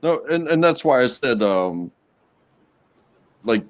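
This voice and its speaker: A man hosting a casual discussion, speaking haltingly with restarts. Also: mid-range voice, sing-song. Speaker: host.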